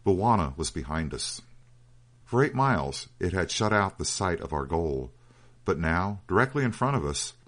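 A man with a very low voice reads a story aloud as an audiobook narrator. His delivery is measured and steady.

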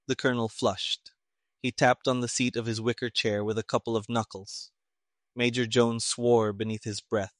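A man narrating a story in a measured, even storytelling manner. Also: medium pitch, no room sound, studio quality. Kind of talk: audiobook narration.

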